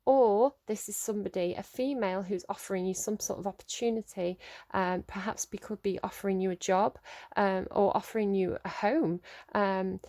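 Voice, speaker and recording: Woman doing a tarot reading, thinking out loud, lots of ums and restarts, medium pitch. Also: steady tone. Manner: musing, halting, many ums and restarts; laughs at her own slips. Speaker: tarot reader. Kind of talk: solo tarot reading to camera.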